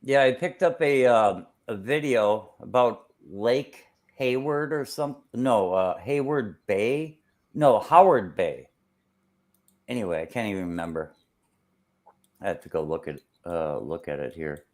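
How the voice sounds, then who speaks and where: A man's voice: fairly low pitch, unhurried, a little mellow. A man hosting a casual chat, rambling and searching aloud for words.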